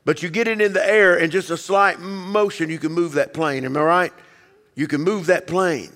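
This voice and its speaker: A man preaching a sermon as pastor, emphatic, acting out quoted voices and dropping low to quiet passages. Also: normal speed, long reverb tail.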